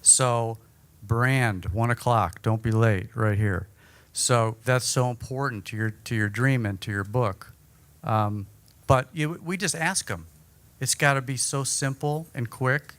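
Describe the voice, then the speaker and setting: A man's voice: mid-range voice, a little slow. Chatty man giving a workshop talk. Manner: energetic, chatty, self-deprecating. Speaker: workshop speaker. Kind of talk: conference breakout talk. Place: conference room.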